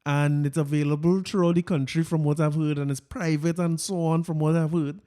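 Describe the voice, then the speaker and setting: A man's voice: a little high, steady tone, brisk, mellow, clean tone. A man with a Trinidadian accent hosting a casual podcast, joking and chatty, with stammering restarts. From Trinidad and Tobago. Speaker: podcast host.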